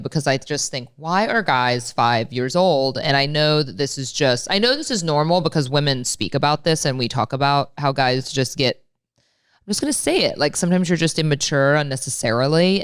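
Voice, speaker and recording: A woman with a low, smooth, resonant voice co-hosts a podcast. She talks in a candid, exasperated way and swears freely. The recording is dry and close to the mic. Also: no room sound. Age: late 30s. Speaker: podcast co-host. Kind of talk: casual podcast chat.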